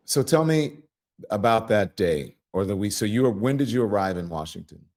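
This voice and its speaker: A man hosting an interview, asking probing questions gently, often restarting his sentences. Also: fairly low pitch, animated, moderate pace. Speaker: interview host.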